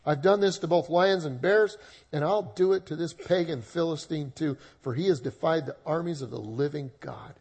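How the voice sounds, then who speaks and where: A man's voice: fairly high pitch, normal speed, a little mellow, slightly rough. A man voicing a bold young shepherd boy, retelling the lines in a brash, confident way.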